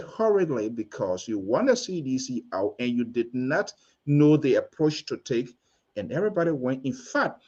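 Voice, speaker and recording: A man's voice: a little high, a little mellow. A man hosting a political talk show, talking in an emphatic, rambling way. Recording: dull lo-fi sound.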